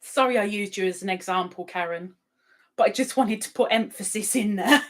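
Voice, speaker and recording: This woman runs a laid-back live stream in a mid-range voice at a fairly quick pace, chatting along. She reads comments from viewers out loud and laughs a lot.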